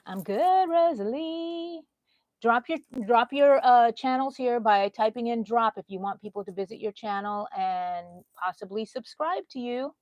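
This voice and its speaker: A woman's voice: on the high side, moderate pace, hardly any pauses, dry recording. Chatty woman hosting a crochet livestream. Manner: chatty, reads out viewer comments by name; emotional, reassuring. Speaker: crochet channel host. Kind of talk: casual livestream chat.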